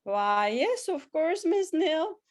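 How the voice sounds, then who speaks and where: A woman voicing a warm middle-aged landlady with a Southern drawl who calls people hon. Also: mid-range voice, lively intonation, a little slow, close to an everyday voice. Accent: Southern US put on.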